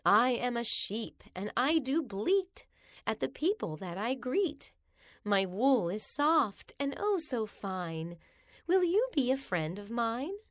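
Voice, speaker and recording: Woman reading rhymes, slow and lively. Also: a little high, no room sound, studio quality. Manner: slow, sing-song storybook reading. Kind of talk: reading children's rhymes aloud.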